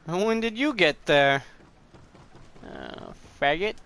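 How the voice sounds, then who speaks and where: A young man with a mid-range, pushed, bright voice and a clear, resonant tone rambles casually through a let's play. He curses at the game now and then and breaks into frustrated outbursts as he plays.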